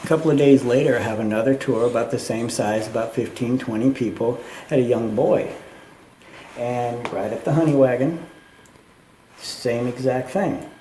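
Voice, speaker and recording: A man working as a tour guide, telling a ghost story in a lively way and acting out what people said, in an underground mine tunnel. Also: medium pitch, normal speed. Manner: animated retelling with acted quotes. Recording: echoey tunnel, faint noise.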